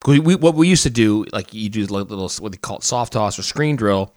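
A man's voice: fairly low pitch, lively intonation, fairly quick, darkish tone, no room sound, clean studio sound. A man co-hosting a podcast in casual chat, joking and boastful in his banter. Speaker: podcast co-host.

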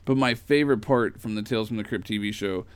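A man's voice: on the low side, fast talker, smooth, no room sound. A man in casual podcast chat, talking enthusiastically in a rambling way with lots of fillers.

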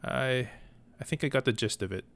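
A man's voice: mid-range voice, moderate pace, fairly bright tone, close to an everyday voice. A man voicing an anxious, sulky young brother of a knight who whines and hesitates. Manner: whiny, hesitant, fearful.

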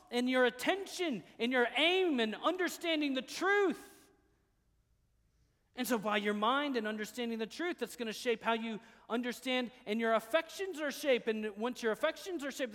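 High-voiced preacher with big dynamic swings. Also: male voice, in a large hall. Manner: swings between quiet, hushed passages and loud, emphatic declarations. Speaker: pastor. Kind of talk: sermon.

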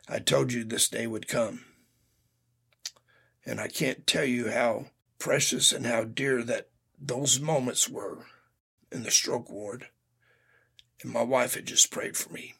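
Gravelly, husky man giving testimony. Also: mid-range voice, a bit bright. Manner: earnest, heartfelt, speaks directly to listeners. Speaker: speaker giving a personal testimony. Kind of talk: faith testimony storytelling.

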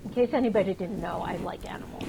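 A woman co-hosting a podcast, chatting casually and telling rapid, animated stories full of swearing. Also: medium pitch, creaky, background noise. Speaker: podcast co-host. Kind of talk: casual chat.

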